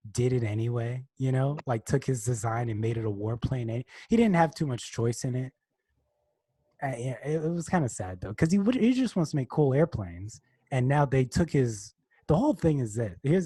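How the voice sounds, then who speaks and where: A man's voice: mid-range voice, warm tone, breathy edge, dry recording. A young man casually retelling a movie on a podcast, rambling and restarting his sentences. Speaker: podcast co-host. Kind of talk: casual chat.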